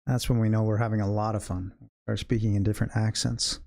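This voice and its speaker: A man's voice: fairly low pitch, level tone, fast talker, vocal fry, darkish tone. A man hosting a live day trading stream, thinking aloud in loose, chatty sentences and talking directly to viewers in the chat. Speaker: day trading educator and livestream host.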